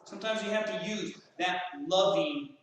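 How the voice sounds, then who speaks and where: A male pastor preaches in a folksy way with a high, bright voice. He is heard from a distance in a small church, and his voice echoes through the long reverb of the hall. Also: moderate pace, slight background noise. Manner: folksy, acts out quoted voices. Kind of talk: sermon.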